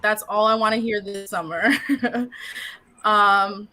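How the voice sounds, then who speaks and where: Upbeat young woman co-hosting, bright voice. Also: medium pitch, steady tone, takes it slowly. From Illinois. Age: young adult. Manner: upbeat, playful. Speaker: co-host of an awards ceremony. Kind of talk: casual hosting chat. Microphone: video call.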